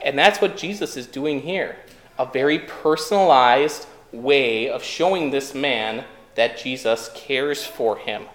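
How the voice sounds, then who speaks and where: A man's voice: mid-range voice, unhurried, a bit bright, reverberant, slight background noise. A man preaching a sermon in a conversational way, asking the listeners rhetorical questions.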